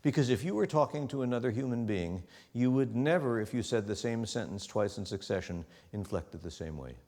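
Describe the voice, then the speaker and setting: A man's voice: medium pitch, fairly quick. A man teaching a chamber music master class, talking animatedly and acting out small quoted lines as he coaches the players. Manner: animated, talks with his hands in phrases, acts out little quoted voices. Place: concert hall or large studio at a music school. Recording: long hall reverb.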